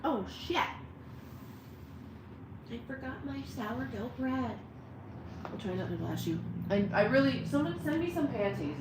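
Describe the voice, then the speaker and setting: A woman's voice: fairly high pitch, animated, unhurried, pauses often, echoey room, background noise. A woman hosting a casual live stream, rambling and talking to her dogs and her chat. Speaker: livestream host.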